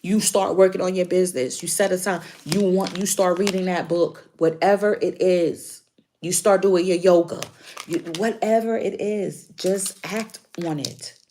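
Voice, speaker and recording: A woman's voice: on the low side, fairly even intonation, a little slow, mellow, slight background noise. A woman doing a casual spiritual tarot reading for her viewers, chatty and emphatic, repeating key points. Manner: chatty, emphatic repetition, frequent laughs. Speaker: tarot reader.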